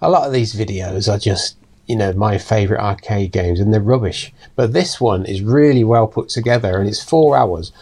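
A man's voice: on the low side, normal speed, darkish tone, slight background noise. A man co-hosting a podcast in easygoing casual chat, reading listener emails aloud. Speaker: podcast co-host.

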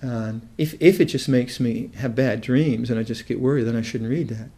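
In an unhurried dharma-talk manner, an older man guides meditation with a relaxed, mellow mid-range voice, reasoning aloud as he goes. He begins phrases repeatedly and pauses haltingly, thoughtful throughout, until he arrives at what he means.

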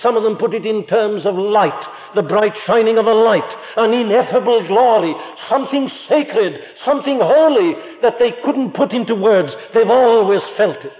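A man preaching a sermon with fervent rises and solemn hushed passages. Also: high-pitched, animated, moderate pace, hardly any pauses. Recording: old lo-fi phone-band recording in a reverberant hall.

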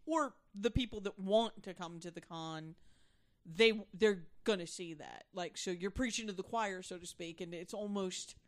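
A woman's voice: mid-range voice, moderate pace. A woman in a casual chat who talks emphatically and rambles with fillers.

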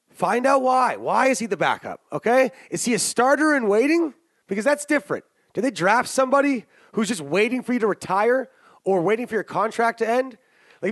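High-voiced brash sports podcast guy. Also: a bit bright, no room sound, studio quality. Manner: brash, jokey, rambling with asides. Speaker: sports betting podcast co-host. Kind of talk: casual sports betting chat.

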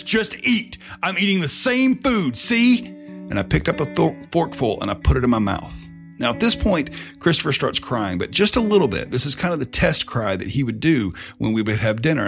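A man candidly telling a personal story as a father, frank and profane, swearing freely as he confesses. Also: vocal fry. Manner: grows louder and tense in the angry stretch, then drops low and quiet. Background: faint guitar music.

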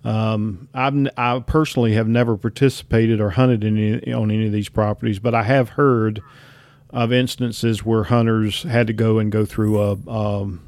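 A man's voice: on the low side, little pitch movement, moderate pace, darkish tone, no room sound. A man with a Southern US accent hosting a casual interview, chatty and rambling with many restarts. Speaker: podcast host.

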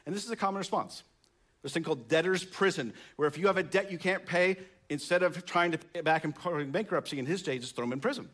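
Male pastor, sermon, reads scripture then explains it, conversational, emphatic rises, slightly high voice. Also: fast, fairly bright tone.

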